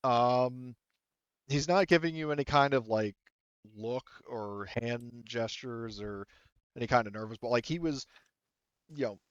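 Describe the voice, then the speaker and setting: A man's voice: mid-range voice, unhurried, clean tone, dry recording, lo-fi sound. A man narrating a tabletop game as game master, rambling and hesitant with many fillers.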